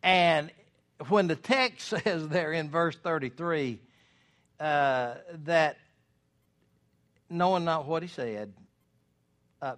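A man preaching a sermon in an earnest, folksy way, rising to loud emphasis at key points. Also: a little high, slow, long pauses. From United States.

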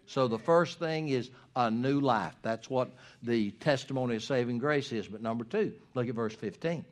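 A man's voice: medium pitch, animated, moderate pace, fairly bright tone. A male pastor, preaching a sermon in a folksy style, acting out conversations and building to emphatic points. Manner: folksy preaching with quoted dialogue and rising emphasis.

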